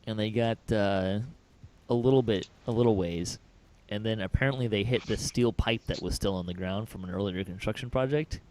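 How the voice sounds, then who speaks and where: Low-voiced man telling a rambling story. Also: normal speed, a little mellow, a little hiss or hum. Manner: rambling, chuckling storyteller with many fillers. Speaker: podcast host. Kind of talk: casual chat.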